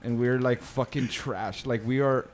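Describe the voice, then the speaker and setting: A man's voice: medium pitch, steady tone, measured pace, slight background noise. A man, co-hosting a podcast and telling a rowdy story in casual, profane chat. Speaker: podcast co-host.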